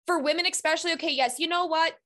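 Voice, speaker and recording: Bright high-voiced woman podcast host. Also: quick pace. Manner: encouraging, affirming, gives advice. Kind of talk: casual supportive chat.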